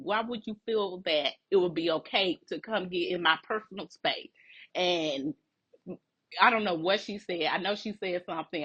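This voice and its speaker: A woman telling a workplace story in a casual, animated and indignant way, laughing between phrases. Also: fairly low pitch, husky.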